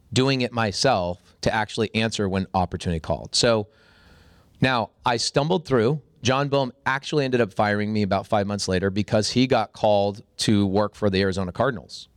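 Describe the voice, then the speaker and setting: A man in his forties, a podcast guest, telling a story with animated energy and a voice that jumps up when excited. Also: mid-range voice, dry recording, clean studio sound.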